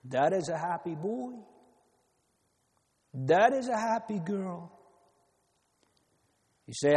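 Preacher, male, slow and emphatic, mellow tone, long hall reverb. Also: a little high, very animated, husky. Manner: slow, earnest preaching with repeated phrases and emphatic rises. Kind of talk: sermon.

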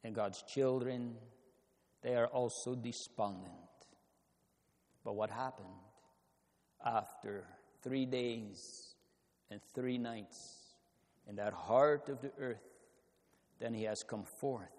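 A man preaching a sermon, slow and measured, asking rhetorical questions in old-fashioned scriptural phrasing. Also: medium pitch, darkish tone, long reverb tail.

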